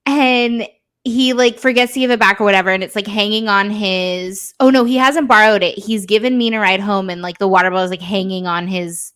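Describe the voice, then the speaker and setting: A woman co-hosting a podcast, retelling a show in casual chat with animated storytelling and acted-out lines. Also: medium pitch, fairly quick, clean tone. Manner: animated storytelling, acts out characters' lines, many "like" fillers. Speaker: podcast co-host.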